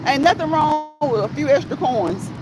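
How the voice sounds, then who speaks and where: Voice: high voice, animated, moderate pace. A live-stream host chatting casually while walking outdoors, slangy and laughing often. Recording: outdoor traffic noise.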